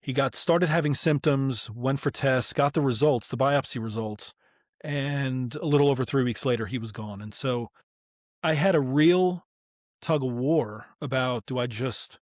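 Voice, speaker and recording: Soft-spoken male podcast host. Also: medium pitch, no room sound, studio quality. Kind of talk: casual conversation.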